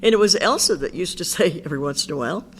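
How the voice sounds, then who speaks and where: There's a little hiss or hum as an older woman, her voice on the low side and expressive, talks very fast at an Al-Anon meeting. Chatty and candid about her recovery, she keeps quoting things others said to her.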